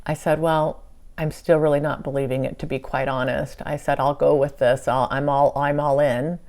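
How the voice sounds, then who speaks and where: Low-voiced woman recounting a channeling session. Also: normal speed. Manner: animated retelling with quoted dialogue. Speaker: channeler and vlogger. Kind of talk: casual storytelling monologue.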